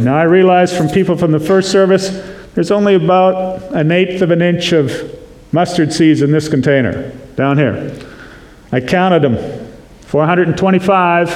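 A man preaching a sermon as pastor, slow and earnest, acting out prayers in quotes. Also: high-pitched, a little mellow. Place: church sanctuary. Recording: echoey church room.

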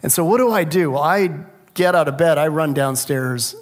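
A middle-aged man preaching a sermon, telling a family story with lively rhetorical questions. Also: on the high side, moderate pace. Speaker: pastor.

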